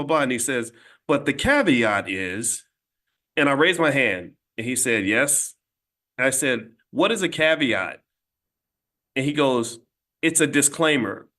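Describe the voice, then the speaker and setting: A middle-aged man hosting his own channel, telling stories in a blunt, animated casual monologue. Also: mid-range voice. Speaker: host.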